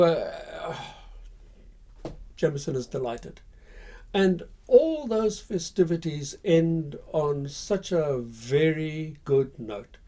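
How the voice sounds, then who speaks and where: A man's voice: fairly high pitch, mellow. A man hosting a history channel, telling the story in a casual, conversational way with frequent fillers.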